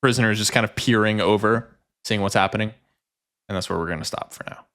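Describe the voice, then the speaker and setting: A man's voice: fairly low pitch, steady tone, fast talker, fairly bright tone. Teasing, laughing male dungeon master. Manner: laughs often, teasing players. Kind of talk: casual tabletop game wrap-up chat.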